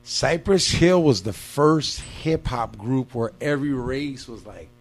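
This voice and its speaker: A man's voice: medium pitch, slow. A man hosting a podcast in a studio, telling stories in casual, profane slang and acting out the voices he quotes. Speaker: podcast host. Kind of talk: casual chat.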